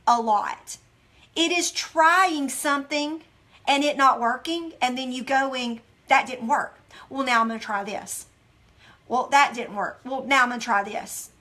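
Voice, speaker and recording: A woman with a high, bright voice hosts a motivational devotional talk. She tells stories intensely and with emotion, and speaks straight to her listeners in an earnest way. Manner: earnest, direct address to listeners. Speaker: host.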